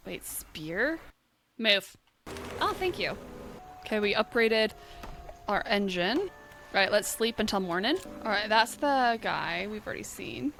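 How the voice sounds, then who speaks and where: Bright-voiced woman narrating her gameplay. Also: medium pitch, expressive, creaky, slight background noise. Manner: chatty, thinks aloud, quick startled reactions. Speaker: gaming channel host. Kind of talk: casual gameplay commentary, reading game text aloud.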